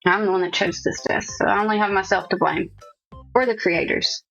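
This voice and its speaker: A woman's voice: medium pitch, steady tone, a little fast, gravelly, a bit bright, faint music behind. A woman streamer chatting casually with her viewers, self-mocking and a bit nervous, laughing often. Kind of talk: casual chat with live chat. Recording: dull lo-fi stream audio.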